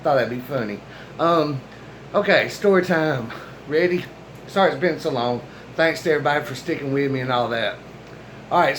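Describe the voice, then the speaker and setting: A man's voice: mid-range voice, a bit bright, slight background noise, rough recording. A man in his forties telling a personal story in a casual, slangy way and acting out the dialogue of the people in it. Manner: slangy, colloquial talk; acts out quoted dialogue.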